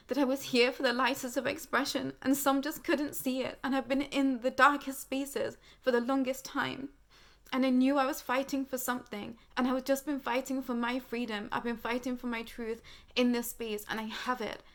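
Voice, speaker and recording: A woman close to tears, speaking earnestly and slowly about a spiritual awakening as host of her channel. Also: sits high, level tone. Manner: tearful, earnest, slow heartfelt pauses. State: close to crying. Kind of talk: emotional spiritual monologue.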